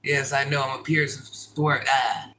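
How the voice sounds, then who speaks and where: Bright-voiced blunt man streaming. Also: mid-range voice, little pitch movement, moderate pace, a little hiss or hum, low-quality recording. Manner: blunt, preachy, heavy slang. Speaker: livestreamer and peer support specialist. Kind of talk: casual livestream chat.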